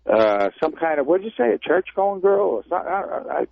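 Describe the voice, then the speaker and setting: A male caller to a radio show, speaking hesitantly and haltingly with many fillers. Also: on the high side, big pitch swings, creaky. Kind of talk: phone-in chat. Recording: tinny phone line.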